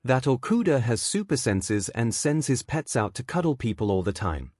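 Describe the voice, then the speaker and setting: A man's voice: mid-range voice, sing-song, normal speed, a little mellow, no echo, clean studio sound. A man voicing an upbeat, friendly teenage boy who talks in an enthusiastic buddy tone while reading a story. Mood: hyped.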